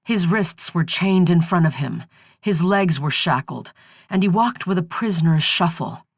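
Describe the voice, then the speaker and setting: A woman narrates a thriller audiobook in a steady, measured read. Her voice sits fairly low, her pace is very slow and deliberate, and the sound is dry and close to the mic. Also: creaky, dry recording.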